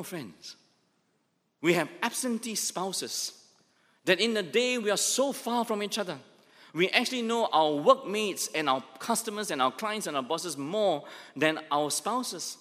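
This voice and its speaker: A middle-aged man with a Singaporean English accent preaching a sermon, firing rhetorical questions at the congregation and slowly repeating key phrases. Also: high-pitched, sharp tone. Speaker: pastor. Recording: long hall reverb.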